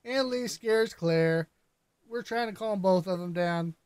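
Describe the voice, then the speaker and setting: A young man co-hosting a casual podcast, telling family stories in an animated way and laughing often. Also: high voice, a little slow, clean tone, dry recording. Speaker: podcast co-host.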